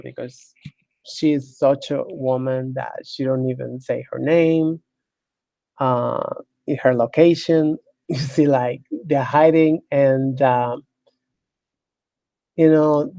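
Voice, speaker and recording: A woman's voice: extremely low pitch, dark tone, dry recording. A woman hosting her own talk show, delivering a blunt, sardonic monologue, cursing freely and laughing often. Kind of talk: casual monologue.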